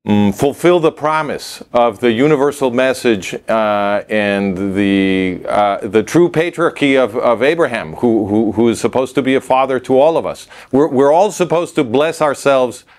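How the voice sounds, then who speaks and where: A man's voice: medium pitch, moderate pace, hardly any pauses. A man interviewing a guest, asking long, thoughtful questions and repeating words as he forms them.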